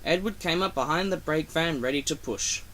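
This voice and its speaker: A man reading a children's railway storybook aloud, expressive. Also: fairly high pitch, moderate pace.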